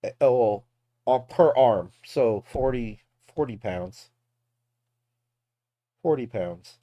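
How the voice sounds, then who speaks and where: A man's voice: mid-range voice, lively intonation, slow pace, dry recording, lo-fi sound. A man from Texas with a Texan accent, rambling casually and laughing as he reacts to videos. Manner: rambling, laughs often, swears freely. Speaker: streamer reacting to clips.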